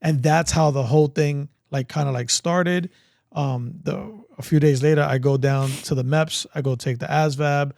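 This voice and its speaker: A man, telling stories in an animated, casual way and acting out dialogue. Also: on the high side, moderate pace, creaky, no echo, clean studio sound. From Brooklyn, New York. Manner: animated, acts out dialogue, many likes. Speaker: guest, veteran. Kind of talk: casual storytelling.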